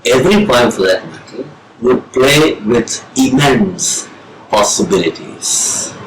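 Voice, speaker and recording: A man with an Indian English accent, a professor of English giving a slow, measured lecture on reading poetry with deliberate pauses. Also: medium pitch, expressive, slight background noise. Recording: roomy with faint ambience.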